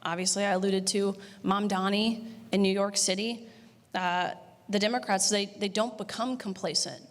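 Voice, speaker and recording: A woman's voice: mid-range voice, fairly even intonation, normal speed. A young woman in her twenties giving a banquet speech, conversational and blunt, with frequent filler words. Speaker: banquet speaker. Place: banquet hall. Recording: reverberant banquet hall.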